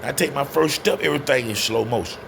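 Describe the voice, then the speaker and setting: Guy spinning a wild story, gravelly voice, lively, talks to y'all, faint hiss under it. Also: medium pitch, quick pace. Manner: animated, addresses listeners as y'all. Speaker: storyteller guest. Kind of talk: casual storytelling to camera.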